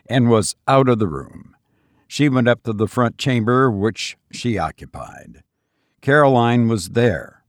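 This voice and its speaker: A man with a husky voice narrating a story aloud, with a lively, rising and falling delivery. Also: medium pitch, no echo, studio quality.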